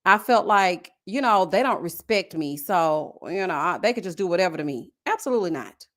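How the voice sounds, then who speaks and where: A woman's voice: lowish voice, animated, a little fast. A woman hosting a casual reality show recap livestream, chatty and sassy, reading viewer comments aloud. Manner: acts out the cast's lines in exaggerated whiny voices.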